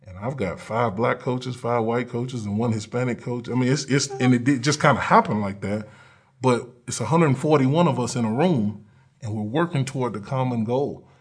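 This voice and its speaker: A man's voice: mid-range voice, moderate pace, husky. A man who coaches college football, talking earnestly and plainly in an interview, with frequent ums and uhs. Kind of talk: conversational interview.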